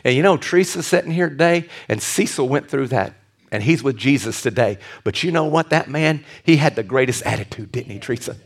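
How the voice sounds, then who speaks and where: A man's voice: medium pitch, a little fast, husky. A male pastor preaching a sermon, telling stories animatedly and acting out the voices of the people in them. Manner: animated storytelling, acts out quoted voices; drops to a soft hushed voice for tender moments.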